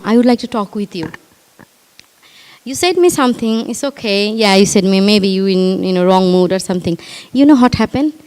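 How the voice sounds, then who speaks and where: A middle-aged woman with a Bangladeshi accent and a high voice addresses a live audience as a parenting coach. She is animated and emphatic, and she piles up rhetorical questions and repeats her points. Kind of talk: speech at a live community event. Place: community event before a live audience.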